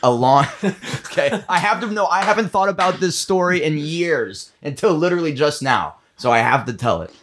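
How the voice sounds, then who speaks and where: A young man's voice that swings widely up and down as he tells a rowdy story. He talks loud, drops into laughter and sudden shouts, and keeps it casual. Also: fairly high pitch, expressive, normal speed, few pauses, a little hiss or hum. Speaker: guest band member.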